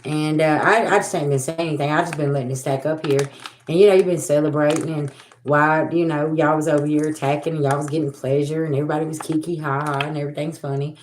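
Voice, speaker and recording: Woman, livestream spiritual reader, low voice, blunt, profane, repetitive, echoey room. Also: steady tone, quick pace, darkish tone, a little hiss or hum. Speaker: tarot reader.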